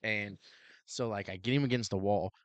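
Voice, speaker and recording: Lowish-voiced man telling a story casually. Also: moderate pace, no room sound. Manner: animated, heavy use of "like" and "dude", acts out quotes. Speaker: podcast co-host, police officer.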